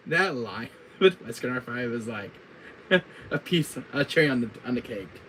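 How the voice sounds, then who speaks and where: A man casually chatting with his viewers on a gaming live stream, giggly and excitable. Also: medium pitch, unhurried, slight background noise, low-quality recording.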